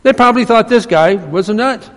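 A man with a fairly high voice preaches to his congregation in a conversational, sometimes emphatic way. His words ring out with a long church-hall reverb. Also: animated, a little fast, a bit bright. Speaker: pastor. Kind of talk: sermon. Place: church sanctuary.

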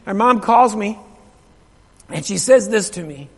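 High-voiced man preaching in an echoing hall. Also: animated, unhurried, fairly bright tone, slightly rough. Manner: emphatic, repeats phrases, questions the congregation. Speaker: pastor. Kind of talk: sermon storytelling. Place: church sanctuary. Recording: long reverb of a large hall.

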